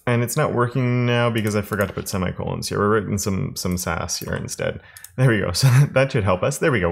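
Man talking through a coding tutorial. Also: fairly low pitch. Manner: relaxed, thinking aloud with frequent fillers and restarts. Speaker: web development instructor. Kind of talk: screen-recorded coding tutorial.

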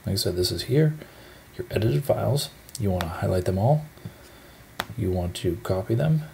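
A young man with a low, deep voice talks through a computer tutorial. He sounds relaxed and rambling, with plenty of fillers. A faint hiss of room noise sits under his voice. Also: moderate pace, vocal fry. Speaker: shop owner giving a tutorial. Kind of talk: casual screen-recorded tutorial.

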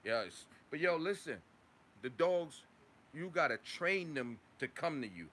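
A man's voice: fairly high pitch, very animated, unhurried, fairly bright tone. A man from Long Island, a dog kennel owner ranting in a casual vlog, profane and heated, tagging lines with "right?". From Long Island, New York. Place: at work, outdoors.

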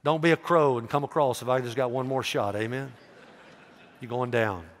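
A male pastor preaching a sermon, telling a story with animated voices and calling out questions to the congregation. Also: mid-range voice, moderate pace. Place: church. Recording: echoey church hall reverb.

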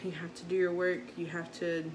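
A little fast and flat in delivery, her lowish voice belongs to a thirty-something mother vlogging. She chats casually to camera in a rambling, heartfelt way, frequently restarting, while noise fills the background.

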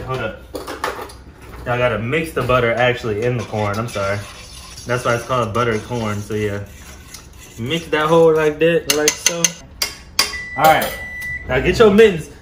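A man's voice: a little high, echoey room, noisy background. A young man vlogging his cooking at home, playful and chatty, talking straight to his viewers and laughing often. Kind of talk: casual cooking vlog. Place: home kitchen.

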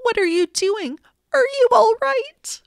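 A woman voicing an excited little boy from a storybook, high and pleading. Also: unhurried, no room sound, clean studio sound, full character voice. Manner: high-pitched, pleading and frantic. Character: excited little boy, pet fish owner.

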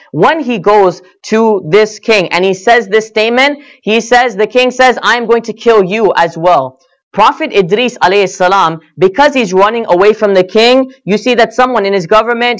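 A man giving a religious talk, retelling a story with quoted dialogue, frequent "you know" fillers and recited Arabic verses. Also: sits high. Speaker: speaker at an Islamic center.

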